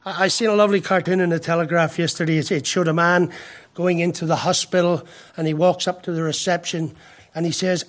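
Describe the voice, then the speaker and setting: A middle-aged pastor delivers a sermon in a notably high voice. He is emphatic, leans hard on key phrases, and often stumbles into quick restarts. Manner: emphatic, with frequent stammered restarts.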